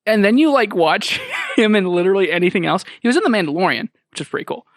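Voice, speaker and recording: A young man hosts a casual podcast chat, rambling and restarting as he chuckles through his stories. His voice sits fairly high for a man. The sound is dry and close to the mic. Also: animated, fast talker, no room sound. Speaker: podcast host.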